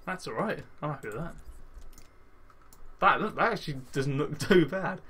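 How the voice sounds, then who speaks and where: A man's voice: on the high side, expressive, moderate pace, bright, forceful tone, breathy edge. A young man chatting through a life-sim game with a friend. He sounds tired and makes teasing jokes with some swearing. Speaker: co-host of a game let's play. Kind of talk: casual gaming chat.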